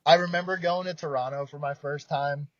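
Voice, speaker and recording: A young man from South Jersey, a baseball pitcher guest, telling stories in a lively, profane way and acting out quoted voices. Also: fairly quick, no room sound. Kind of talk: casual storytelling. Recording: dull dry podcast mic.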